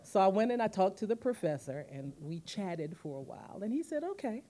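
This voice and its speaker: A woman's voice: medium pitch, brisk. A woman in her fifties gives a commemorative speech in a university auditorium at a podium mic, telling stories and acting out the quotes. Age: 50s. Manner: animated storytelling, acting out quotes. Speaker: guest speaker, museum president.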